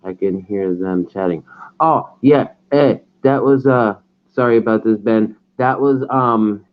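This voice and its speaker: Male host, low voice, tinny phone-quality audio, relaxed questioning. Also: unhurried. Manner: easygoing, asks lots of questions. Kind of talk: casual livestream chat.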